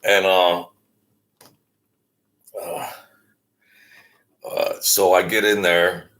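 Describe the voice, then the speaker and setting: A man telling a story in a halting way, with many fillers and restarts, acting out the voices of the people he quotes. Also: low voice, level tone, fairly bright tone. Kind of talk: casual storytelling.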